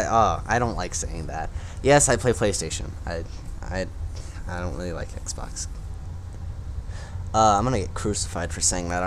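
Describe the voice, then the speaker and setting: A man hosting a solo podcast, rambling casually with lots of fillers and quick laughing asides. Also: low-pitched, a little hiss or hum. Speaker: podcast host.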